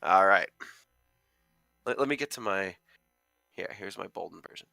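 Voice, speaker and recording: A man's voice: low-pitched, lively intonation, unhurried, vocal fry, pauses often, bright, forceful tone, no room sound. A young man co-hosting a podcast, chatting casually about films and rambling with many fillers. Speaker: podcast co-host, amateur film critic. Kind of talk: casual chat.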